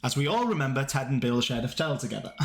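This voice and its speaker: A man's voice: mid-range voice, sing-song, fairly quick, a crowd in the background. A man, host of a live script read, reading the stage directions and laughing often. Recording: echoey room.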